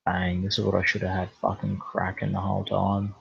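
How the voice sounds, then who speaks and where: A man's voice: deep voice, monotone, a little fast, creaky, a bit bright, breathy edge, no room sound, muffled recording. Foul-mouthed Australian man ranting. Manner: swears constantly, rambling with many fillers. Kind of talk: casual rambling rant.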